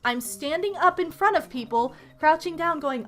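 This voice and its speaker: A young woman streamer vents to her chat in a high, bright voice. She swings from loud exasperated outbursts to quiet muttered asides. Faint music plays underneath. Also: moderate pace. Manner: exasperated ranting, animated, swings loud and soft.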